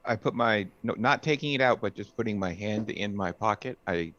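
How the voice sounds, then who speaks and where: A man with a low voice plays a tabletop game, talking haltingly as he works out his move. His audio is dull and lo-fi. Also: fairly bright tone. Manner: hesitant, thinking aloud. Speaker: player.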